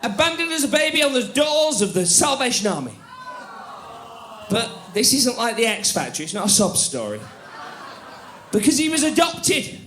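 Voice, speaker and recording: A man leading a comedy band on stage, introducing a bandmate with loud, jokey showmanship. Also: very high voice, very animated, normal speed, pauses often, slight background noise. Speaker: bandleader, compère. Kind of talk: live stage banter and singing. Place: live music venue on stage. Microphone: stage microphone. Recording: live concert with echo and band music.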